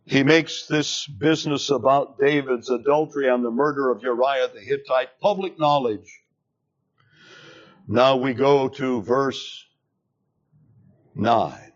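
Slow, dramatic male preacher, lo-fi. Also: mid-range voice. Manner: dramatic, deliberate storytelling. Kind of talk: sermon retelling a scripture story. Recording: dull lo-fi recording.

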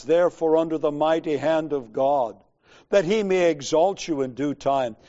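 A man preaching a sermon in a slow, measured, emphatic way, pausing deliberately between phrases. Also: sits high, a little mellow, highs cut off.

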